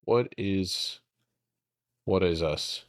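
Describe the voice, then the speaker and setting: A man's voice: low-pitched, drawn-out words, no echo, clean studio sound. A man casually chatting through chart setups on a live stream, joking around and swearing freely as he thinks aloud. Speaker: stock trading streamer.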